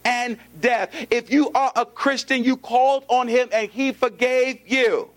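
A man's voice: very high-pitched, steady tone, unhurried. A male pastor preaching a sermon in an emphatic, repetitive call-and-response style, with features.

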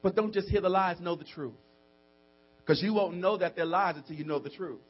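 High husky preacher, dull humming recording. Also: male voice, fairly quick. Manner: swings from low quiet asides to shouted high-pitched outbursts; acts out friends' voices in dialogue. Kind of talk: sermon. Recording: dull muffled recording with mains hum.

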